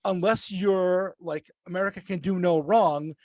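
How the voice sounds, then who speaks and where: A man's voice: sits high, fairly even intonation, measured pace, darkish tone, no echo. A man appearing as a podcast guest, speaking earnestly and thoughtfully, repeating words as he works through his point. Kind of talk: casual chat.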